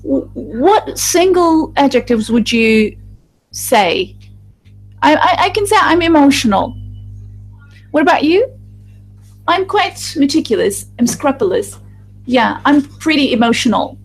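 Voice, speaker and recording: A woman voices a group discussion as a live interpreter, her voice sitting a little high. She speaks haltingly, breaking off and restarting her phrases. Soft music plays faintly behind her. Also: expressive, low-quality recording. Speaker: voice-over interpreter for a focus group.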